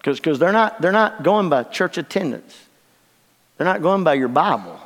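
An older man preaching a sermon in a church, swinging from hushed lines to shouts. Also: fairly high pitch, lively intonation, normal speed. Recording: long reverb of a large hall.

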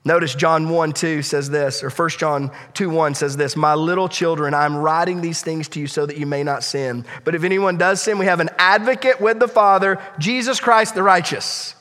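A male preacher delivers an impassioned sermon in a high, bright voice. He swings between loud, ringing appeals and hushed, intimate lines. His voice carries a long reverb, as in a large hall. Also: fairly even intonation, moderate pace, hardly any pauses. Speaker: pastor.

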